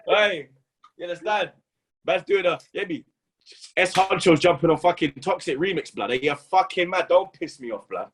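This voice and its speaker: A young man runs a football talk show in a fast, slang-heavy rant, dropping "blood" and "bro" at the end of almost every line. His voice sits fairly high with a husky edge. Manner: loud, animated street slang, repeats "blood" and "you understand". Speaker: football pundit host. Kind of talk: casual football banter.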